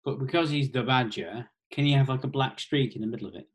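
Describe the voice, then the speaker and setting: Man, comedic co-host, quick interjections, agreeable. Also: medium pitch, husky. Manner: chipping in with quick jokes and agreement. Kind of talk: comedic chat.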